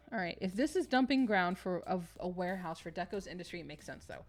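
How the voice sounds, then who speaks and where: Gamer girl reading a story game out loud live, gasps and laughs a lot, quiet music in the back. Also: on the low side, fairly quick. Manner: excitable, laughs and gasps, reacts loudly. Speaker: streamer.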